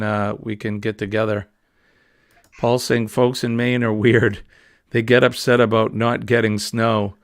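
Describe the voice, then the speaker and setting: A man's voice: fairly low pitch, gravelly, dry recording, clean studio sound. A man with a New England accent hosting a casual, rambling morning livestream chat. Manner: chatty, rambling, easygoing. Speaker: livestream host.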